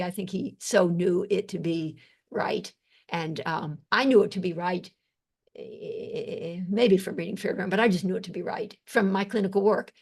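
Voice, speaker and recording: Over a video call, an older woman who works as a psychiatrist hosts a live webinar Q&A, reading chat comments aloud. Her voice is mid-range, and she thanks people effusively while restarting her sentences haltingly.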